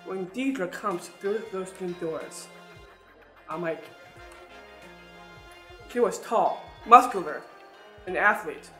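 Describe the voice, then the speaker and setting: A man's voice: high voice, animated, takes it slowly, pauses often, a bit bright. A young adult man telling a personal story straight to his listeners, earnest and repeating words as he goes. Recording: roomy sound with faint music.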